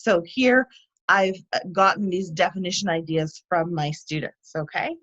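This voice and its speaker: A woman's voice: fairly low pitch, moderate pace, fairly bright tone. Woman explaining a teaching method, lo-fi sound. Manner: clear, patient, explanatory. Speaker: TESOL instructor. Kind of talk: teaching demo lesson.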